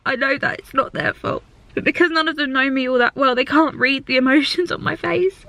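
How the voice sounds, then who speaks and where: A young woman vlogging to a handheld camera, crying and talking in halting, broken phrases. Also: high voice, fairly even intonation, sharp tone, no room sound. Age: young adult. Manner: halting, tearful, trailing off. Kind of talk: confessional vlog talk.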